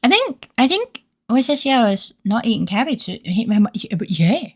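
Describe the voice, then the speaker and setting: A woman's voice: on the high side, big pitch swings, normal speed, breathy edge. A woman streamer in casual live-stream chat, giggly and chatty and swearing freely.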